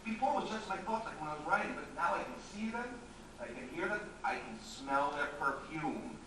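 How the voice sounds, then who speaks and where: A frantic, rambling middle-aged writer, played by a man on stage, his voice pitched high and swinging wildly up and down. He talks in nervous, self-mocking bursts. The sound is distant and booming, with clear noise over a live theatre room. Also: expressive, brisk, natural voice. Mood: pleading. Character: anxious neurotic male writer, middle-aged. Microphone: distant room mic. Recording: echoey, noisy, from far off.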